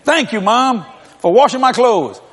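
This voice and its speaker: A man in his sixties preaches in a high, lively voice that swoops all over as he tells folksy, funny stories and chuckles along. The sermon rings through a large hall with a long reverb tail. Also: measured pace, breathy edge. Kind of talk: humorous storytelling sermon.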